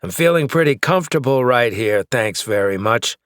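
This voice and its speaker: A man's voice: medium pitch, animated, normal speed, a bit bright, clear, resonant tone, no echo, lightly acted. A man voicing a male gunfighter who trades dry, needling quips under fire, in an audiobook. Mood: wry.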